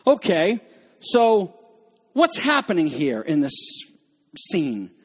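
Male pastor, high voice, lively and emphatic sermon with playful asides. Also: takes it slowly, slightly rough. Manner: animated, emphatic, with joking asides.

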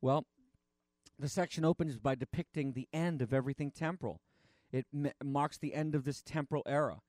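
Earnest man preaching, slightly high voice. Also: darkish tone, no echo, clean studio sound. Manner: earnest, halting, many fillers. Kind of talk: sermon.

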